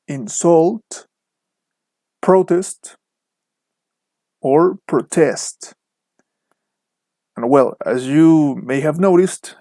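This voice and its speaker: Young male English teacher, Mexican accent, slightly high voice, slow and deliberate delivery, dry close recording. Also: dark tone, no room sound. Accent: Mexican Spanish. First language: Spanish. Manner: slow, deliberate, spells out word pairs with careful stress. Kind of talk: online lesson narration over slides.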